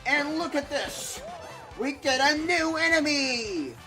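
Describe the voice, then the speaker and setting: A woman's voice: high voice, expressive, slow. A woman giving casual, wry commentary while playing a video game, with chatty joking asides. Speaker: let's play gamer. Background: game music.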